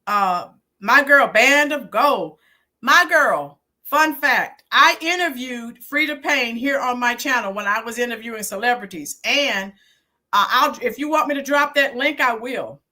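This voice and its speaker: Slow-talking bright-voiced woman host. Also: on the high side, expressive. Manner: chatty, reminiscing, answers viewers by name. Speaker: YouTube channel host and teacher. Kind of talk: casual live-stream chat.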